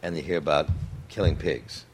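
A man's voice: rumbling low, moderate pace, heavy background noise. A man interviewing a guest, thoughtful and restarting his questions as he frames them. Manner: thoughtful, rephrases questions mid-sentence. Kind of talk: conversational interview.

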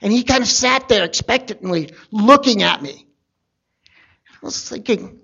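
A man from Virginia telling a personal story in a wry, conversational way with deadpan asides. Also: sits high, measured pace, gravelly, long pauses, slightly rough, muffled recording.

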